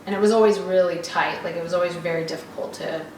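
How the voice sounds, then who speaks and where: A woman's voice: lowish voice, steady tone, fast. A young woman from Oklahoma, a patient, answering questions in a hesitant way with many ums. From Oklahoma, USA. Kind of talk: casual interview. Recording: roomy, distant mic, audible noise.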